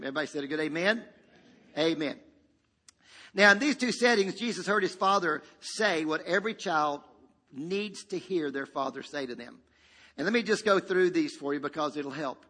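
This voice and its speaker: A man's voice: a little high, expressive, normal speed, bright, forceful tone, big-room sound. A man preaching a sermon as pastor, emphatic and repetitive, leading the congregation in call-and-response.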